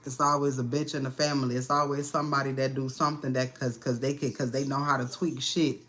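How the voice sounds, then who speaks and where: A woman's voice: very deep voice, flat delivery, fast, fairly bright tone. A woman giving a casual livestream tarot reading, talking in a blunt, profane, slangy way and sounding tired and annoyed. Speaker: tarot reader.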